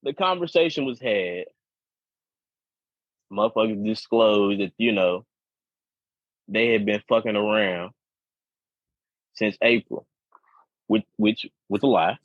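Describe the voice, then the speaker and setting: A man's voice: lowish voice, unhurried, pauses often, no echo. A man co-hosting a casual podcast, telling a profane story at length and often repeating words as he talks. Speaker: podcast co-host. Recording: dull lo-fi podcast audio.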